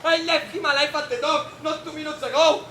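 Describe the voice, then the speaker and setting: An actor playing a cheeky, always-hungry comic servant in a live stage comedy, clowning with a put-on Italian accent. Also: male voice, very high-pitched, fairly even intonation, a little fast, noisy background. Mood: dismayed. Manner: playful, boastful, clowning. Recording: echoey stage recording with audience.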